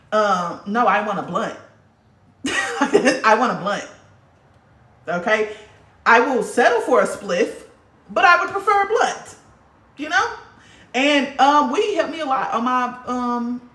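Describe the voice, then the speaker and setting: A woman's voice: medium pitch, fairly bright tone, far from the mic. Brief: a woman vlogging in a blunt, profane, emphatic voice, in an echoey room slightly off-mic. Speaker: spiritual vlogger. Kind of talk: casual monologue to viewers.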